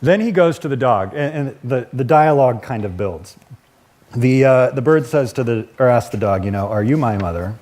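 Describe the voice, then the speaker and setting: A man's voice: medium pitch, expressive, moderate pace, a little mellow. A male pastor giving a casual, conversational sermon, chuckling and correcting himself as he goes.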